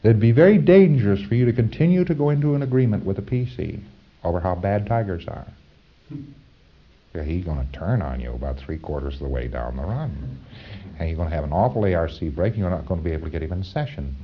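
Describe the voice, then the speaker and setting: Guy lecturing a class, kinda low voice, stops and starts with lots of uh, repeats words, muffled old tape sound. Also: lively intonation, husky. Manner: halting, with repeated phrases and "uh" fillers. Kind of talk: informal lecture to trainees.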